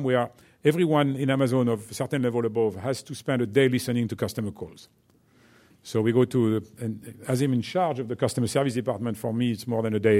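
A man's voice: mid-range voice, a little mellow. A man with a French accent, a company executive giving a chatty business talk to students, full of fillers and "right?" check-ins.

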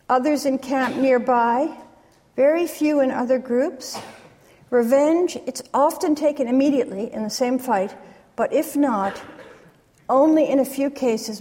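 A woman giving an academic lecture, retelling stories in a measured way with pauses. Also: on the high side, mellow. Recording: long reverb of a large hall.

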